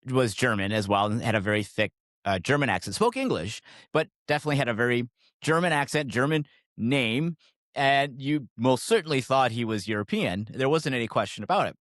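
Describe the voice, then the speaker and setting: A man's voice: mid-range voice, lively intonation, a little fast, fairly bright tone, dry recording, studio quality. A middle-aged man from West Michigan, co-hosting a podcast and telling a story in casual chat with many fillers. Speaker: podcast co-host.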